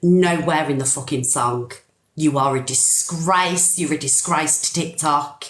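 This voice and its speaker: Middle-aged British woman, low-voiced live-stream host, furious emphatic rant, swears, roomy echo. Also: a little slow, a little hiss or hum. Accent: British English. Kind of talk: ranting live stream commentary.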